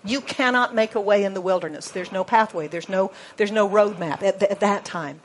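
Preaching playfully, this American woman spells out words one letter at a time and lowers her voice to a whisper to stress points. She speaks fairly quickly at a medium pitch, with a little hiss or hum in the recording.

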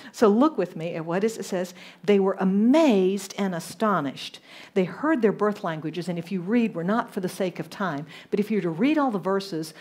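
A woman preaching with a mild Southern American accent, her voice sitting a little low. She speaks with lively energy and keeps asking the congregation questions. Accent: Southern American, softened. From Southern United States. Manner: animated, asks the congregation questions. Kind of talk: sermon. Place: church congregation abroad.

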